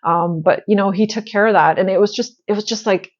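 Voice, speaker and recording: A woman's voice: mid-range voice, brisk. Earnest rambling woman, slightly muffled. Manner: earnest, rambling with many fillers and restarts. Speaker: spiritual channel host. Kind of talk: casual storytelling monologue.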